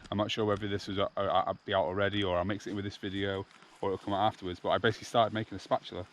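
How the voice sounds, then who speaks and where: A British man with a fairly low voice talks casually while showing off a woodland camp. He sounds relaxed and chatty and laughs easily. Faint outdoor noise sits behind him. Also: very fast. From United Kingdom. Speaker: channel host.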